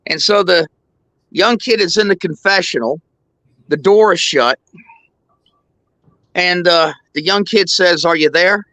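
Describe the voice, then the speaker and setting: A man hosting a show, telling a long joke in a rambling, halting way. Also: high-pitched, bright, forceful tone, dry recording, rough recording. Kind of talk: joke telling, casual chat.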